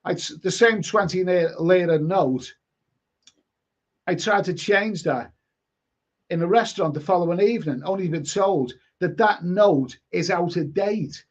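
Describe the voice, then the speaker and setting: On a casual live stream, a man with a high-pitched voice reads chat at a measured pace. His stories ramble, broken up by blunt, mildly sweary asides, and the audio is dull and lo-fi.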